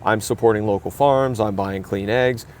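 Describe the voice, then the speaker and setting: A man's voice: on the low side, fairly even intonation, normal speed, slight background noise. A man co-hosting a podcast, chatting casually in a rambling, jokey way that keeps correcting itself. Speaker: podcast co-host. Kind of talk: casual chat.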